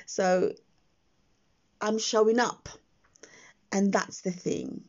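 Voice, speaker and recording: A woman hosting her own podcast, talking slowly and gently with pauses, her voice croaky from just waking up, recorded on her phone in a quiet house. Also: mid-range voice, steady tone, highs cut off. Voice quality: croaky morning voice. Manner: slow, gentle, with frequent pauses. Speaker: podcast host. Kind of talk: slow reflective podcast monologue.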